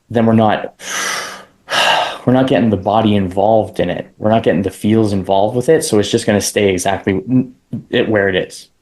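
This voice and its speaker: A man being interviewed who explains a step-by-step practice in a relaxed, conversational way, with casual slang. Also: lowish voice. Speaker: interview guest.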